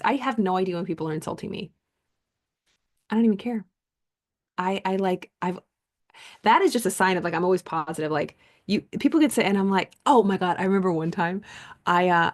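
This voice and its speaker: A woman's voice: medium pitch, expressive, brisk, gravelly. A woman coach reading a self-help book aloud, then chatting casually about it and telling stories with many fillers.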